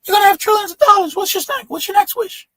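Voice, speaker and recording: A man's voice: very high-pitched, fast, bright, forceful tone, voice pushed up. A man telling a joke and voicing a mermaid who grants wishes, matter-of-fact and firm. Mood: brisk.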